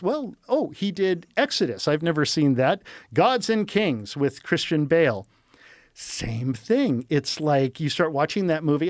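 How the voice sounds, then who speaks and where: A middle-aged man talking casually as a podcast guest, telling animated, rambling stories full of quoted asides. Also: fairly high pitch, no room sound, studio quality. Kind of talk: casual chat.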